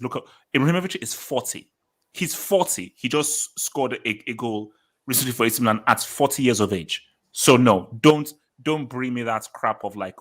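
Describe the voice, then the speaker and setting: A man's voice: mid-range voice, fairly bright tone. A British man hosting a live football talk stream, reading chat messages and arguing his points emphatically, often repeating lines for effect.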